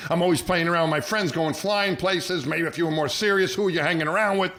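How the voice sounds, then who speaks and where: A man telling a long, animated story in casual podcast chat, acting out the people he quotes. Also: a little high, quick pace. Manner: animated, acts out quoted voices, many restarts. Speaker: podcast co-host.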